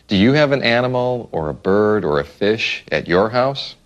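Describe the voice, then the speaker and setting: A man hosting a children's read-along, talking slowly with sing-song emphasis and playful animal sounds. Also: on the low side, lively intonation, no echo, dull audio. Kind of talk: slow, animated reading to young children.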